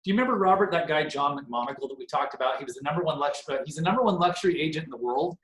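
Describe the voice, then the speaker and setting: A man's voice: on the high side, expressive, racing, a bit bright, reverberant, rough recording. A man in his forties leading a casual motivational team meeting on a video call, rambling and self-deprecating. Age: 40s.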